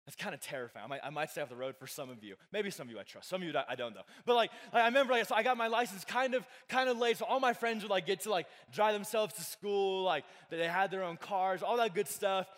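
A man's voice: sits high, fast talker, few pauses, a bit bright. A young man giving a casual youth sermon, chatty, full of fillers and joking with the crowd. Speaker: youth pastor. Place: church hall with a live audience. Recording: long hall reverb.

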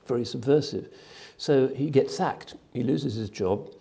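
A man telling a spiritual story in a relaxed talk, hesitant with frequent fillers and dropping in foreign phrases. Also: medium pitch, a little slow, gravelly. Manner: drops in phrases of another language.

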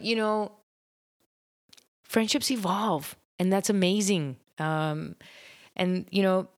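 A woman in her thirties talks through her thoughts on a solo podcast. Her voice sits low and her delivery is chatty, full of fillers and easy laughter. The sound is dry and close, with no room around it. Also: dry recording. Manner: warm, chatty, laughs often, many fillers. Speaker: podcast host. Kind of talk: casual solo podcast talk.

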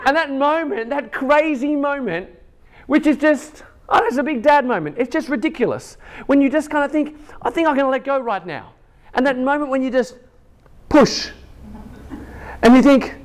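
A man in his thirties giving a chapel sermon, telling a family story and acting out the voices in it. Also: a little fast. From Asian heritage. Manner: animated, acts out quotes in higher pitch. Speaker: chapel speaker.

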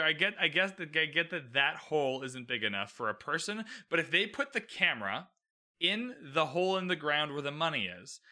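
A man hosts a casual recap podcast by himself. His voice is bright and forceful, set a little high for a man, and he talks in a chatty, animated way, laughing at his own asides. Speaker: podcast host.

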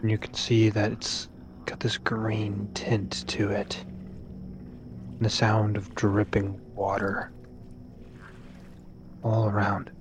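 A man running a tabletop game as game master, with slow, measured narration. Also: fairly low pitch, monotone, whispered. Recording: noisy recording.

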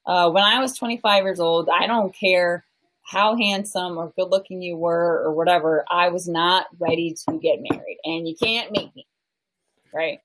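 A woman's voice: lowish voice, moderate pace, rough recording. Chatty, joking woman in her thirties. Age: 30s. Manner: animated and joking, tangents, frequent "you know" and "like". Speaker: relationship coach, guest. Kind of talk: candid conversational interview.

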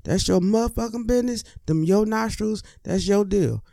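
A man giving joking dating advice in a casual comedic monologue, animated and profane, with streetwise slang and rhetorical asides to the listener. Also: high voice, moderate pace, vocal fry, dry recording, clean studio sound.

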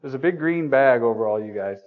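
A man's voice: medium pitch, expressive, fairly quick, narrow, tinny audio. A man preaching a sermon in a church room, talking conversationally, asking the congregation questions and joking at his own expense. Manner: self-deprecating humor.

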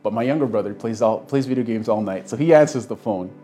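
A man's voice: mid-range voice, fast, warm tone, soft background music. A young man casually telling a personal story, acting out the voices of the people he quotes. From Canada. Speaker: guest telling his story.

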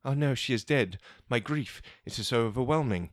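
Brief: man with a lively, bouncy voice, dry close mic, mock-solemn improv. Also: medium pitch, normal speed, hardly any pauses, dry recording. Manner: mock-solemn, playfully earnest. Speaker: podcast co-host. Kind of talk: improvised comedy sketch.

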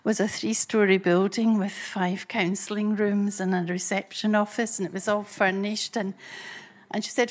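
A woman preaching a storytelling sermon. She speaks in an animated, breathy way and laughs often. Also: mid-range voice, moderate pace.

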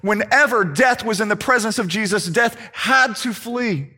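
High-voiced male preacher, dramatic pauses. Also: pushed and bright, faint music behind. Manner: dramatic, slows down and drops low for emphasis. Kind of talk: sermon.

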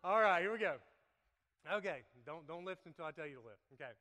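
A pastor delivering a sermon in a reverberant hall, his voice high and bright. He banters and laughs with his listeners between points. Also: animated, fast talker. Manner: playful, laughing, talks to congregation. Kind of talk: sermon with live demonstration.

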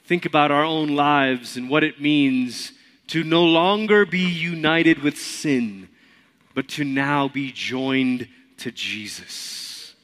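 A man preaching a sermon as pastor, swinging from loud and emphatic to hushed. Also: on the high side, slow.

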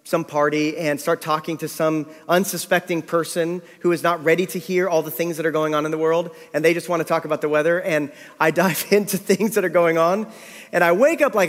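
A man's voice: on the high side, fairly even intonation, a little fast. A middle-aged man preaching a sermon, telling a story with animation and acting out his own thoughts. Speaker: pastor. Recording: long reverb of a hall.

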